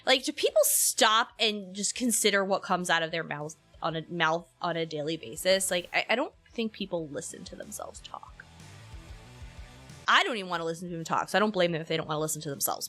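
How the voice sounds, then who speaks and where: A woman's voice: on the low side, lively intonation, brisk, pushed and bright, soft background music. A woman streamer chatting casually and candidly with her audience, rambling and opinionated. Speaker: streamer and co-host. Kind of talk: casual live-stream chat.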